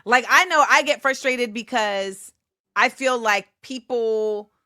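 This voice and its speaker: A woman hosting a casual interview show, talking in a lively, slangy way and reading audience questions. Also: a little high, takes it slowly, no room sound, clean studio sound. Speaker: host.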